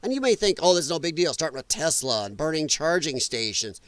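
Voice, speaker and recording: Animated, exasperated male political ranter. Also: fairly high pitch, fast talker, no room sound. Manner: exasperated, mocking and profane. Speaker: political commentary host. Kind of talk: live solo political rant.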